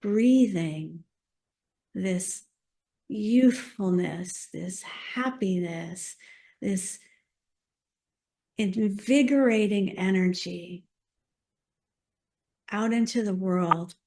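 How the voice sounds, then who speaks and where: A woman minister leading a slow, soft guided meditation during a church service. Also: medium pitch. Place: church service also streamed on a video call.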